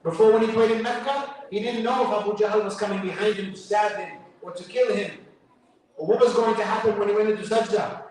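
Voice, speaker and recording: Speaking fairly quickly in a high, steady, slightly mellow voice, this guest speaker with a New York accent delivers a conversational sermon at a mosque fundraiser. He drops in joking asides and Arabic quotations, and the recording comes from a distance in an echoey hall.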